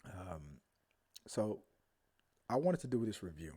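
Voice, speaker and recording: Male host, casual live review, lively up-and-down delivery, rambles and mumbles. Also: fairly low pitch, slow, slightly rough. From Houston, Texas area. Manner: rambling, animated, trails off to mumbles. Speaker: show host.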